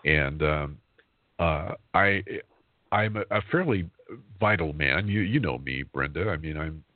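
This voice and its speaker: A man's voice: very deep voice, unhurried, dry recording. A man in his fifties hosting a talk radio show, chatting casually and rambling, often laughing as he talks. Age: 50s. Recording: dry, phone-like internet radio audio.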